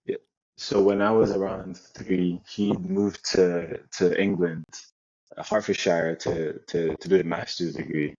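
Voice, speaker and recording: Young adult male guest, very deep voice, easygoing anecdotes, muffled lo-fi recording. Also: unhurried, creaky. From Nigeria. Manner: relaxed storytelling with many restarts. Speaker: guest, American football player. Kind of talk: casual interview chat.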